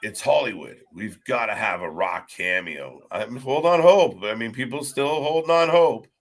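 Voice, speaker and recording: A man co-hosting a wrestling live stream in casual chat, rambling and excitable. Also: medium pitch, normal speed.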